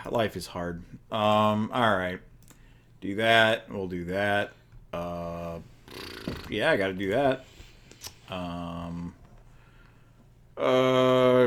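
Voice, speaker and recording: A man's voice: on the low side, a bit bright. A young man co-hosting a casual comedic chat, thinking aloud and mumbling to himself as he plays a wrestling booking game. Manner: unhurried, mumbles to himself while deciding.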